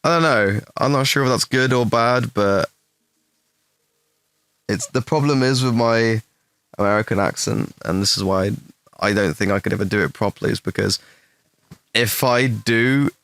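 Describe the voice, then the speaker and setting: A young English man answering chat questions on a stream in casual, rambling talk, swearing freely and putting himself down, with a fairly deep voice. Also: moderate pace, a bit bright, no room sound. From England. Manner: rambling, swears a lot, self-deprecating.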